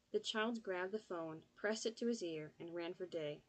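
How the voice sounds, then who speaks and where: A woman reading an audiobook in steady, scripted narration. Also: fairly low pitch, normal speed, hardly any pauses, poor audio.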